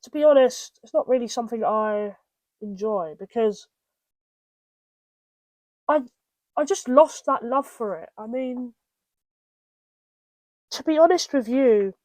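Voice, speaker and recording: A woman's voice: on the high side, lively intonation, takes it slowly, pauses often, darkish tone, no room sound. A young British woman hosting a podcast, telling personal stories in a rambling way, full of restarts and asides. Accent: British English. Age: young adult. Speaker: podcast host. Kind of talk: casual personal storytelling.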